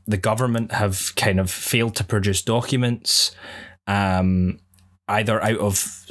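Low-voiced man rambling on a podcast. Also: fairly even intonation, unhurried, a bit bright. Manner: rambling, hesitant, many fillers. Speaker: podcast co-host. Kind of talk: casual chat.

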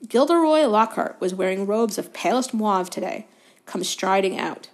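A woman's voice: mid-range voice, lively intonation, moderate pace. Woman reading a storybook aloud. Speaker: guest reader. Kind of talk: reading a children's novel aloud.

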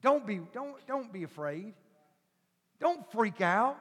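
Male preacher, really high voice, acts out the story then gets loud, big reverby hall. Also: big pitch swings, takes it slowly, breathy edge. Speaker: pastor. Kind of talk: sermon.

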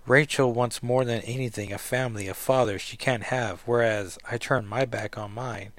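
A man's voice: medium pitch, steady tone, normal speed, natural voice. A man reading as a thoughtful young woman. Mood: reflective.

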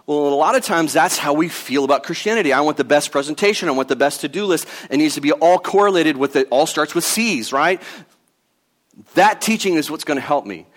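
A man in his thirties preaching a sermon in an earnest, conversational way, with casual asides. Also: mid-range voice. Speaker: pastor.

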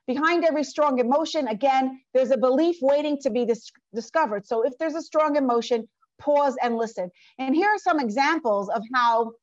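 A woman's voice: sits high, a little mellow, no room sound, lo-fi sound. A woman teaching a class from a workbook, earnest and conversational, with lots of rhetorical questions. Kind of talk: lecture from a workbook.

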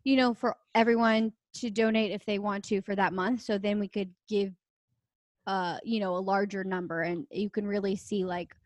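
A woman's voice: medium pitch, steady tone, moderate pace, dry recording. A young woman co-hosting a podcast, talking in a casual, earnest way with lots of fillers. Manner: earnest, chatty, many fillers. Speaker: podcast co-host. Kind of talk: casual chat.

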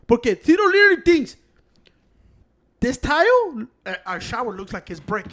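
A man's voice: extremely high pitch, very animated, normal speed, sharp tone. A man talking heatedly in casual chat, swearing often. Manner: heated, mixes Spanish and English, swears.

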